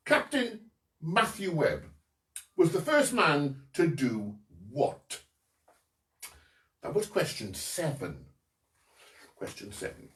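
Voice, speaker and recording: A man hosts a homemade quiz, reading each question slowly and then repeating it. His voice is high and swoops around a lot, and he sits back from the microphone in an echoey room. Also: very animated, a bit bright. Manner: slow, deliberate reading, repeating each question and mimicking local accents. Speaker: quiz host. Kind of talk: home lockdown quiz, reading questions aloud. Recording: roomy, distant from mic.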